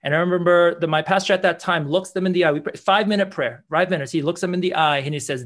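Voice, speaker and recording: A man's voice: high-pitched, quick pace, hardly any pauses, a bit bright. A man, a pastor, telling prayer testimonies in an earnest way, repeating words and acting out what people said. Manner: earnest, repeats words, acts out quoted dialogue. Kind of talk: testimony storytelling in conversation.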